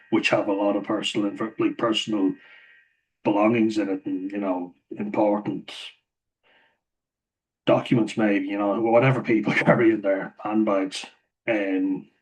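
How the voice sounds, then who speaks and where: A man's voice: on the low side, poor audio. A man telling a rambling story to camera, swearing freely and laughing often mid-sentence. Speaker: vlogger.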